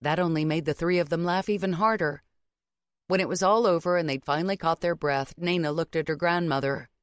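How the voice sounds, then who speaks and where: A woman narrating an audiobook in a measured, even storytelling manner. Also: lowish voice, no echo. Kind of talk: scripted narration.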